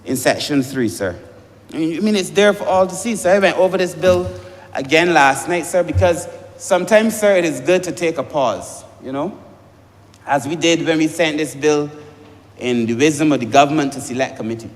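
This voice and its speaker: A man's voice: a little high, normal speed. Emphatic man in a parliament chamber. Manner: emphatic, repeatedly addressing the chair as sir. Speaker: member of parliament. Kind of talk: parliamentary debate speech. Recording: long reverb of a debating chamber.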